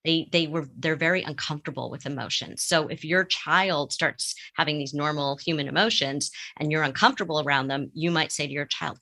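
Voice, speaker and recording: A woman therapist with a low voice and a bright, forward tone. She gives advice in a studio conversation. She walks through everyday examples and acts out what people say. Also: brisk, hardly any pauses. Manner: explains with everyday examples and acted-out quotes.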